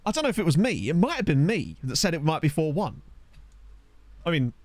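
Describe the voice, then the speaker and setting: A man's voice: a little high, fairly quick, no room sound. Chatty man streaming a game. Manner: chatty, excitable, reads chat aloud. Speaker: gaming streamer. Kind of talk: live gameplay commentary. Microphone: desk USB microphone.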